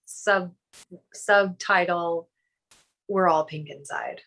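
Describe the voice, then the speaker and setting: A woman's voice: lowish voice, fairly even intonation, takes it slowly, a bit bright, poor audio. A woman co-hosting a podcast in casual chat, laid-back and joking, swearing freely, close on a podcast microphone. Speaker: podcast co-host. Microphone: studio podcast microphone.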